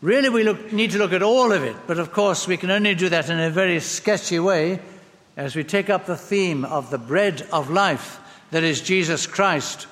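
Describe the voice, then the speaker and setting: A man preaching a sermon, expressive and emphatic, with dramatic pauses. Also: sits high. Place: church. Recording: long church reverb.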